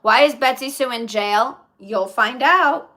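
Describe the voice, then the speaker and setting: A woman's voice: on the high side, unhurried, pushed and bright. A woman live streaming in casual chat, reading viewer comments aloud and answering them in a chatty way.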